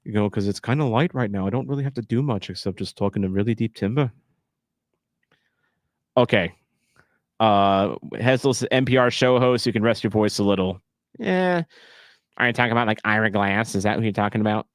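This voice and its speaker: A man's voice: lowish voice, brisk, pauses often, no room sound, clean studio sound. A man in his thirties hosting a casual live watch-along stream, chatty and self-deprecating, rambling between topics.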